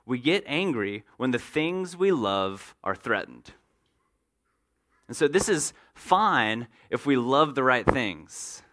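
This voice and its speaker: A man's voice: medium pitch, big pitch swings, slow, fairly bright tone. A man preaching a sermon as pastor, earnest and direct, sometimes acting out everyday moments to make a point.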